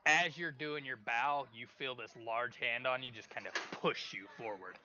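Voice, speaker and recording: A man's voice: medium pitch, normal speed, muffled recording, noisy background. A man narrating as game master of a tabletop game, in loose, filler-heavy speech.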